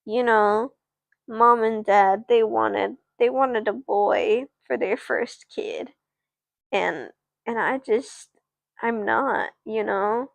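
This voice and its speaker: A woman voicing a gentle, sad big sister who comforts her younger sibling in a doll-play story. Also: fairly high pitch, slow, vocal fry, no echo. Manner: soft and comforting.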